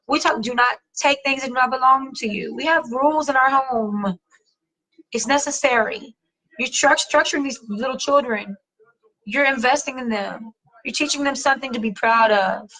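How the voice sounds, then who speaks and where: A middle-aged woman hosting a casual chat, reading viewer comments, slangy and animated, swearing casually and laughing often. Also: sits high, low-quality recording. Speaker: host.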